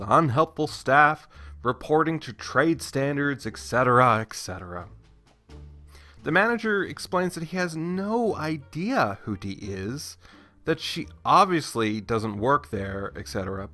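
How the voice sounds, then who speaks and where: A man hosting a story channel, reading online stories aloud with expressive, exasperated asides. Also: medium pitch.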